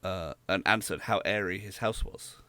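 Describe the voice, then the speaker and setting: A man's voice: low voice, moderate pace, pushed and bright, slight background noise. A man from Southwest England, co-hosting a casual podcast chat in a rambling, dry way. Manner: dry, rambling with many fillers. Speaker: podcast co-host.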